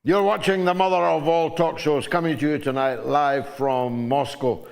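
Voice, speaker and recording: A man's voice: medium pitch, long reverb tail. An older man from Scotland hosting a talk show, delivering monologue and links with emphatic, oratorical force. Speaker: show host.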